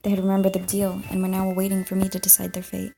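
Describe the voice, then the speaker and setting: Young woman reading her game out loud, giggly, stumbles a lot, gravelly voice. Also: mid-range voice, completely flat delivery, quick pace, soft background music. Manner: giggly, stumbling over words, chewing gum. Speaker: let's play gamer. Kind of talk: reading a visual novel aloud.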